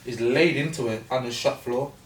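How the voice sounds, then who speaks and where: A man's voice: mid-range voice, normal speed, a little hiss or hum. A man, telling a story in casual podcast chat full of slang. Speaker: podcast co-host. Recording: echoey room, far from mic.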